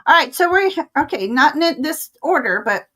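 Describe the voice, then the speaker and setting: A woman's voice: high voice, expressive, normal speed, bright, forceful tone. An older woman hosting a live tarot stream, chatting casually and laughing often.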